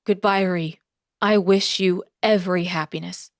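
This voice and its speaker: A woman's voice: lowish voice, steady tone, measured pace, no room sound. Lady doing a sorry young pirate guy, begging earnest-like, dry read. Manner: earnest, pleading. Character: penitent young man, estranged pirate brother.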